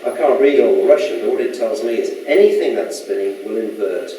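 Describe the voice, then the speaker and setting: A man speaks in a dark, mellow voice. He gives a loose, chatty lecture and keeps asking his listeners questions. The sound comes from far off in a very echoey hall with faint noise. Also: fairly low pitch, lively intonation, brisk. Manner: rambling, chatty, asks the audience questions. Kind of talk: casual public talk. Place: lecture room.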